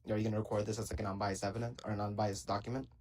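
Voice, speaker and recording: Young guy calling in to a debate, low-ish voice, lots of ums and likes. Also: level tone, racing, a little mellow, poor audio. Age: young adult. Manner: casual, hesitant, many fillers. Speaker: caller. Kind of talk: live call-in debate.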